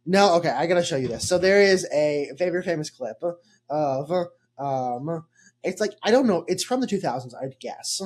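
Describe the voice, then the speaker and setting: A man's voice: fairly high pitch, animated, moderate pace, a little mellow. A young man hosting a podcast in casual chat, rambling and joking with lots of fillers. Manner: rambling, jokey, filler-heavy. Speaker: podcast host.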